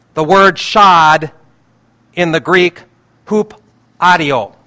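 An older man preaching a sermon in an emotional, pleading way, slowing down to stress key words. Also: high-pitched, bright, forceful tone. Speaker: pastor.

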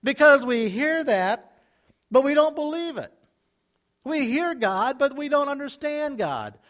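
A male pastor delivering a sermon in a high-pitched voice. He talks to the congregation conversationally, swinging from loud, emphatic bursts to soft, low asides. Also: animated, a little slow. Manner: conversational, dramatic swings between loud and quiet.

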